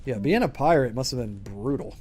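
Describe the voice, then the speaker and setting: Rambling through casual commentary as he streams a game, this man leans heavily on filler words and laughs often. He speaks a little fast in an expressive, slightly mellow mid-range voice, with some background noise.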